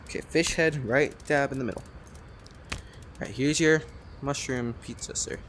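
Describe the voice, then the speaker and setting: A man giving let's-play commentary, rambling and excitable, swearing often and talking to himself as he plays. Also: medium pitch, normal speed, slight background noise. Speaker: gamer playing a cooking game.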